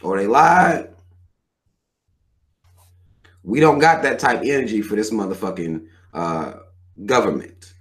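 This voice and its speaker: A man's voice: fairly low pitch, lively intonation, moderate pace. A man in his thirties hosting a live show, ranting bluntly and with plenty of profanity. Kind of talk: livestream rant.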